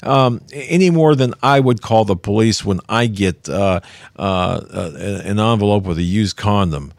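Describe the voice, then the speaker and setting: A man hosting a broadcast talk show, emphatic and halting with many fillers. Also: lowish voice, dry recording, studio quality. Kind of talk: broadcast interview chat.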